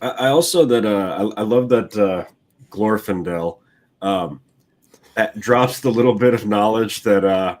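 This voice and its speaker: A man's voice: on the low side, a little slow, darkish tone. A man in casual book chat, enthusiastic and swearing freely, with lots of fillers. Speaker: book club co-host.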